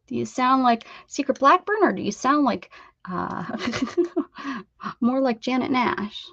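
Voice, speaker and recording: Chatting casually with her live viewers, this middle-aged woman from the United States runs a craft stream full of restarts, laughs and rambling asides. She sounds high, animated and a bit bright, with some creak, speaking at a measured pace. It's dry, dull lo-fi stream sound.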